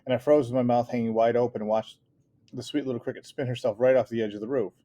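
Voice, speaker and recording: A man reads a first-person novel aloud, his voice dark and mellow at a middling pitch. He tells the story earnestly, now and then tripping over a word and correcting himself. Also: fairly even intonation, fast. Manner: earnest storytelling reading with small stumbles and self-corrections. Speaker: audiobook reader.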